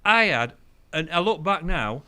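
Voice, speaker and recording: Lively older man. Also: on the high side, unhurried, clean tone. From England. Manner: animated, acts out quoted voices, laughs often. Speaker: guest, angling champion. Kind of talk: anecdotal storytelling.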